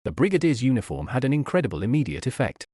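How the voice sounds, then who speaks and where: Male audiobook narrator, animated delivery, dry booth sound. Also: mid-range voice, fast talker, husky, no room sound. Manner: lively, animated reading with voiced characters. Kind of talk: scripted narration.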